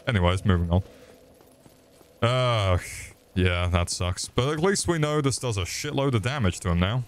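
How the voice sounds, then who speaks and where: A man's voice: on the low side, expressive, normal speed, long pauses, a little hiss or hum. A young man giving sweary, jokey live commentary while playing a game, yelping when things go wrong. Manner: sweary, jokey, yelps in panic. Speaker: streamer.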